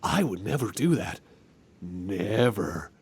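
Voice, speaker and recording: A man's voice: on the low side, sing-song, slow, darkish tone, breathy edge. A man hosting a comedic community radio show, playful and rambling, often giggling. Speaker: radio host.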